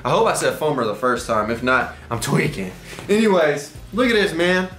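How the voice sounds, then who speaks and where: A man's voice: on the high side, lively intonation, moderate pace, a bit bright, reverberant, a little hiss or hum. A young man from Texas, rambling and joking in slang as he unboxes items for his vlog. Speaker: vlogger.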